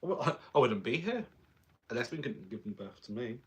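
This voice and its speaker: A man's voice: medium pitch, very animated, a little fast. A man who is a drag performer, chatting playfully while doing his makeup and laughing often.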